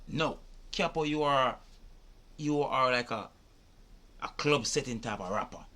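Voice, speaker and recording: A man's voice: mid-range voice, moderate pace, fairly bright tone. A man giving emphatic, rhetorical commentary on a video, repeating his questions and swearing as he makes his point. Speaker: reaction video host. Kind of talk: animated commentary to camera.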